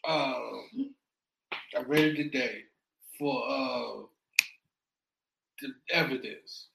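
Man, casual co-host, halting slow delivery, echoey noisy room. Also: medium pitch. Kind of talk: casual chat. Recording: echoey room with clear background noise.

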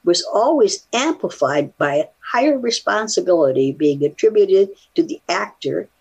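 Animated older woman with a gravelly voice. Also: fairly low pitch, moderate pace. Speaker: psychologist guest. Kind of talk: casual chat, reading a study aloud.

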